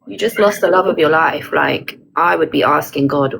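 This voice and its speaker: Gravelly-voiced woman, reassuring friend. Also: deep voice, normal speed, a little hiss or hum, poor audio. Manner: warm, reassuring, chatty and frank. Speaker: supportive friend. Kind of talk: casual chat. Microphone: phone.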